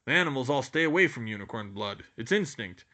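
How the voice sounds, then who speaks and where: A man voicing a huge, gruff but gentle older male gamekeeper who talks loudly in a blunt, folksy dialect. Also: medium pitch, animated, fast talker. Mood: muttering. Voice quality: loud, gruff rural-sounding dialect.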